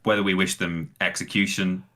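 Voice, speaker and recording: A man's voice: low voice, little pitch movement, fairly quick, noisy background. A British man co-hosting a charity livestream, reading donation messages aloud in a laid-back way. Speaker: stream co-host. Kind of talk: casual charity stream chat.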